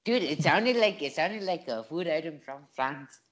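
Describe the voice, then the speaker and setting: A man co-hosting a casual podcast, excitable and quick to protest as a quiz contestant. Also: fairly high pitch.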